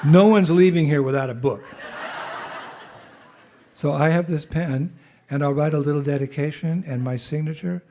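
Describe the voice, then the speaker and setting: A monk with a cold giving a humorous, conversational temple talk as guest speaker. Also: male voice, a little high, moderate pace, background noise. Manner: humorous storyteller, loose and conversational. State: has a cold. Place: temple hall.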